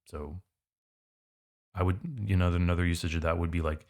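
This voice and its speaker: A man's voice: low voice, flat delivery, fast talker. A man tutoring for the SAT, walking through test questions in a casual, conversational way. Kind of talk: test prep walkthrough.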